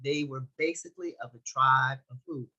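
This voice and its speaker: A woman's voice: extremely low pitch, fairly even intonation, moderate pace, pushed and bright, lo-fi sound. A woman leading a Bible study, reading a text aloud and commenting in a loose, conversational way that thinks aloud as she goes.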